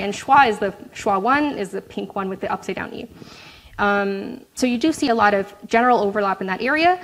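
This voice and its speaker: A woman's voice: medium pitch, poor audio. A young adult woman presenting her research in an academic talk, explaining results with frequent "right?" check-ins and filler words.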